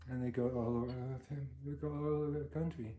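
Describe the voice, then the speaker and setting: A man's voice: medium pitch, steady tone, a little fast, warm tone, slight background noise. A man giving a devotional storytelling talk, earnest and anecdotal, chuckling now and then. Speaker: devotional speaker. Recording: roomy echo.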